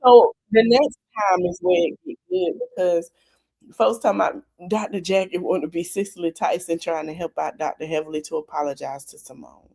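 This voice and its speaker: Animated woman recapping a reality show. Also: lowish voice, brisk, vocal fry. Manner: animated, laughing, acts out quotes. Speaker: podcast host.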